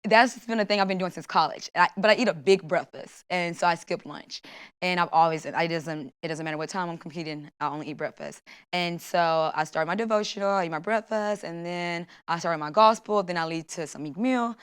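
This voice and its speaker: A woman's voice: lowish voice, fairly quick, smooth. A young woman, an Olympic athlete, telling her story in a casual interview and acting out her own thoughts and the things people said to her. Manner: lively, acts out her own inner voice and quotes. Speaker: Olympic long jumper guest.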